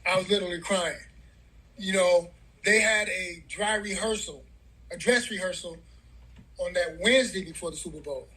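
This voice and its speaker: A man's voice: high voice, moderate pace, bright, forceful tone, low-quality recording. A middle-aged man telling a heartfelt story as a guest in an interview, in loose, casual talk full of "man" and "bro".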